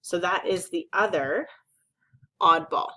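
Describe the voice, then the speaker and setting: Slow, patient woman teaching phonics. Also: lowish voice, sharp tone, rough recording. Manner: patient, explanatory, stretches out vowel sounds. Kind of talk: phonics lesson explanation.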